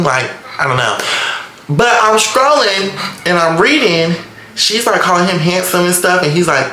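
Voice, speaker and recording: A young man telling a story in a vlog, animated and dramatic, with lots of cursing. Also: sits high, normal speed, slight background noise. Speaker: vlogger. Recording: echoey room.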